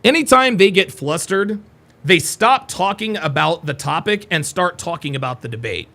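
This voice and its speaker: A man's voice: sits high, expressive, normal speed, creaky, sharp tone. A man hosting a live reaction stream, talking bluntly and mockingly and swearing freely as he comments on a debate clip.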